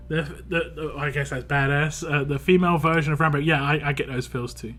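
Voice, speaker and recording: A man's voice: a little high, fairly even intonation, normal speed, a bit bright, faint music behind. A man casually streaming a mobile game, reading viewer comments aloud in a playful sing-song and chatting about characters.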